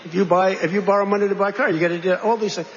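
A politician with a high voice rambles through a campaign-style speech to a crowd in a big, echoing hall, racing along in a steady tone. He digresses and repeats himself, tossing in conversational asides and rhetorical questions. The recording is dull and reverberant, with faint noise.

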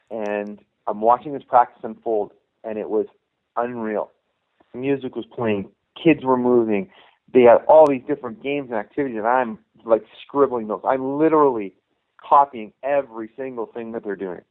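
A man's voice: mid-range voice, normal speed. Middle-aged man rambling over a tinny line. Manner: rambling, many restarts and "you know". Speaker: youth hockey coach, guest. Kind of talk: casual storytelling interview. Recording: tinny phone-line sound.

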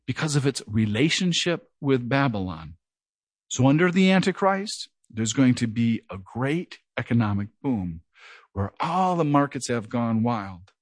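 A middle-aged pastor with a mid-range voice preaches earnestly and with energy, going through the Bible verse by verse. He mentions a stutter that sometimes makes him repeat words. The recording carries no room sound.

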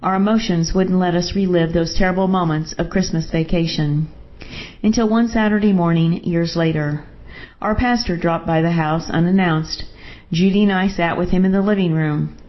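A woman narrating a first-person story in a steady, measured way. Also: fairly low pitch, muffled recording.

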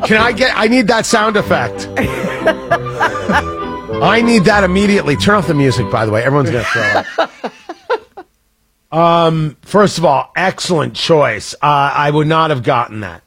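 A man hosting a radio show, with a slightly high voice and a loose, self-mocking, jokey way of talking. Faint music plays under him in the studio. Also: normal speed, pauses often. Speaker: radio host. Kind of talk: casual on-air banter.

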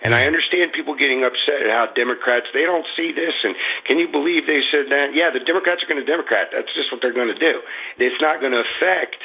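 A man calls in to a talk show from Florida, ranting about politics in a rambling, frustrated way with lots of fillers and restarts. His voice is medium-pitched, fast, creaky and husky, and the sound is lo-fi.

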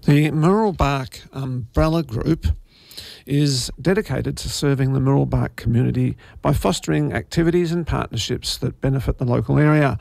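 Gravelly male radio host, dry close sound, easygoing and rambling. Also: medium pitch, moderate pace, darkish tone, dry recording. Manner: rambling, chatty asides with many fillers. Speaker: community radio presenter. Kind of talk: casual radio presenting.

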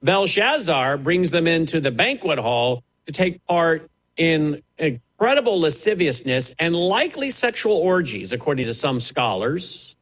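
A man's voice: on the high side, big pitch swings, unhurried, a bit bright, rough recording. A man preaching, fiery and emphatic, mocking the voices he quotes. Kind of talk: preaching sermon.

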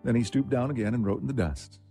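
A man reading a short story aloud in a scripted, expressive way. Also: mid-range voice, fast. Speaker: story segment reader. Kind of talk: scripted narration. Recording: faint instrumental music behind.

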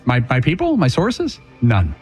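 A male co-host trading dry jokes on a sports radio show. His voice is mid-pitched and even, with faint music under the talk. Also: measured pace. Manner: dry, joking. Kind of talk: casual radio show banter.

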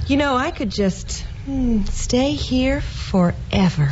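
An actress playing a coy, sugary-sweet young wife with a teasing manner, in a radio drama. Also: female voice, high voice, expressive, takes it slowly, a little mellow, slight background noise. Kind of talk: 1940s radio acting. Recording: dull lo-fi radio recording.

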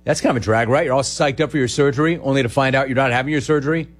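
A man hosting a call-in radio show, brash and quick, riffing and repeating words for comic effect. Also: medium pitch. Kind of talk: sports talk radio call-in.

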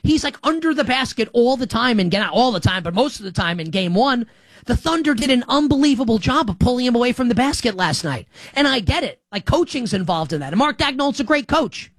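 A man hosting a sports opinion show, talking in an animated, sarcastic way. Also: extremely high pitch, fairly quick, no room sound. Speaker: sports talk host.

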